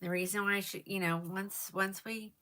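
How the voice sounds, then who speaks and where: A woman hosting a live wig sale, chatting casually and rambling to her viewers, with quick whispered asides. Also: mid-range voice, fairly even intonation, sharp tone. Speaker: live shopping host selling wigs. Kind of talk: casual live-stream sales chat.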